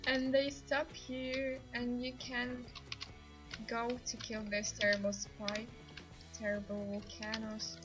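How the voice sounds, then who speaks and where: A woman hosting a live game stream, commenting excitedly as she plays, laughing often and speaking English as a second language. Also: a little high, slow pace, music in the background, rough recording. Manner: excitable, laughs often, non-native grammar.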